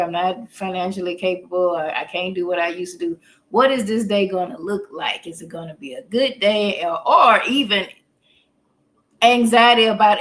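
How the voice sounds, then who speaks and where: A woman's voice: fairly low pitch, a bit bright, slight background noise, low-quality recording. A middle-aged woman, talking as a therapist on a podcast in a folksy, chatty way that breaks into easy laughs. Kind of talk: casual podcast talk on grief.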